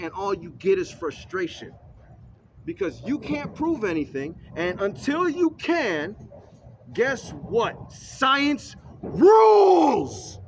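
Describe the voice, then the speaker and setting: A man's voice: high voice, a little hiss or hum. A man ranting argumentatively in a casual vlog, recorded in a vehicle.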